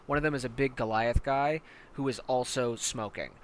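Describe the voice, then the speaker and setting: A man's voice: medium pitch, normal speed, slight background noise. A man narrating casually as the game master of a tabletop game. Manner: casual, descriptive.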